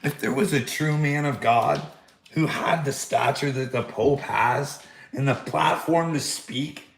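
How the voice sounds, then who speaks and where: A vlogger rants angrily about a confrontation, swearing constantly in a heated monologue. His mid-range voice has vocal fry and a measured pace, and the sound is roomy.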